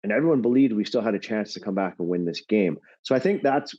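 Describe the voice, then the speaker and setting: Middle-aged guy telling a story on a podcast, laughs a lot, warm relaxed voice, kinda muffled audio. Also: lowish voice, fast, breathy edge. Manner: animated anecdote-telling, laughs often, swears. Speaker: former pro hockey player, podcast guest. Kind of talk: casual chat, storytelling. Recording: slightly dull lo-fi audio.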